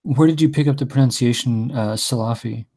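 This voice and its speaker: A man's voice: medium pitch, a little fast, warm tone, no room sound. A man hosting a casual talk, asking curious questions and rambling with self-interruptions. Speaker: podcast host.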